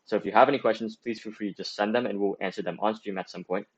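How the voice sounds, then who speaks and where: Young guy streaming, lowish voice, says like a lot, restarts sentences, kinda muffled lo-fi mic. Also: steady tone, rapid-fire, slightly rough. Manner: rambling, full of "like" and restarts; reads and answers chat. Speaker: student club streamer. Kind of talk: casual livestream talk giving advice.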